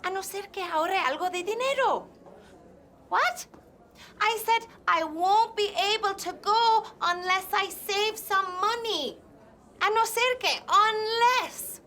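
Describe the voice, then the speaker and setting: An actress playing an anxious, chatty housemaid in a TV sketch, talking in an earnest, confiding way. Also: female voice, very high voice, unhurried, pushed and bright, full character voice. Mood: fretful. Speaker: sketch character. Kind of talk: comic TV sketch acting.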